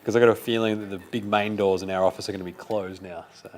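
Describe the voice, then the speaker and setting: A man hosting a live sports watch-along, jokey and excitable. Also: lowish voice, fast talker. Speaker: sports show host.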